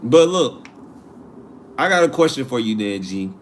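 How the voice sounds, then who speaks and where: A man hosting a live stream in casual chat, reading viewer comments aloud and answering in an animated, slangy way that repeats itself. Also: medium pitch, a little slow, slight background noise. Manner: animated, repeats himself, slangy asides and laughs.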